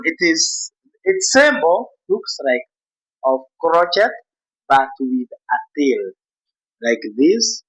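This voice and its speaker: A man's voice: fairly high pitch, a bit bright, poor audio. A man teaching a beginners' music lesson, explaining note values step by step and chanting rhythm syllables aloud.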